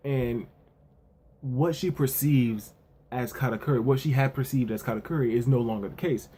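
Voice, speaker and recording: A man's voice: medium pitch, a little hiss or hum. A man giving a casual, loose spoken recap as a reviewer, leaning on fillers and repeating himself, sometimes raising his voice to act out characters' lines. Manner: relaxed, repetitive, with frequent verbal fillers; acts out characters' lines in a lightly raised voice. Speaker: anime and manga reviewer.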